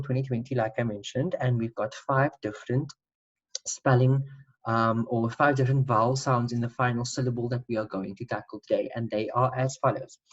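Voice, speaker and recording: A woman's voice: very deep voice, muffled recording. A woman teacher giving an online spelling lesson, patiently spelling out letters and repeating sounds.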